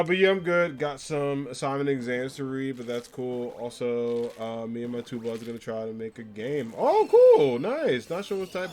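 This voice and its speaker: Guy live streaming a game, talky and laughy, lots of likes and ums, soft game music in the back. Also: medium pitch. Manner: chatty and rambling, laughs often, fillers like "like" and "um"; reads viewer comments aloud and answers them. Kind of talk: casual live-stream chat with viewers. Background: faint game music.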